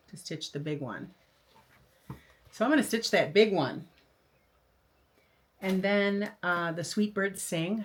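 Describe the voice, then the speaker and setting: An older woman hosts a flosstube craft video, her low voice carrying a breathy edge. She chats casually and enthusiastically about her new patterns in a show-and-tell style, with frequent fillers and restarts.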